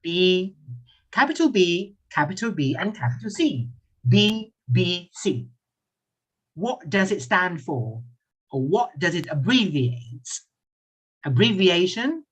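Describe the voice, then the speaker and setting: A man who speaks English with a British accent and a Thai first language, teaching an online English class in a playful way, repeating his questions slowly and chuckling often. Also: sits high, big pitch swings, fairly bright tone, slightly rough. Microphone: computer mic on a video call.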